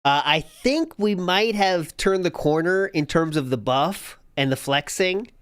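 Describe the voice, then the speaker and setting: Male host, slightly high voice, wry chat commentary. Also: lively intonation, unhurried, fairly bright tone, smooth, no echo, studio quality. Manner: wry, laughs, reads chat aloud. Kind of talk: casual commentary on a watch-party stream.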